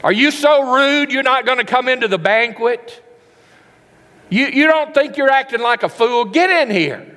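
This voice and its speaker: A man voicing an angry father who yells at his son to come inside. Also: extremely high pitch, lively intonation, normal speed, in a large hall, pitched above the performer's own voice, heavily acted. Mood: scolding. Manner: loud, harsh scolding.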